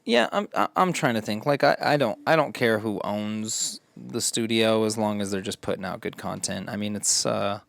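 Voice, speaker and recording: A man's voice: on the low side, normal speed, vocal fry, few pauses, dry recording. A man co-hosting a games podcast, talking casually and animatedly, swearing often. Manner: animated, swears often, mocking put-on voices. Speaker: podcast co-host. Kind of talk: casual chat.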